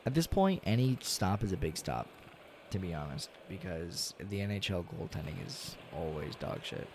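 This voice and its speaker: Young male streamer, low and lively voice, excitable, swears, yawning, faint background noise. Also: moderate pace. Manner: excitable, swears often, yells at big plays. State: yawning, tired. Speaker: gaming streamer. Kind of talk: casual game commentary.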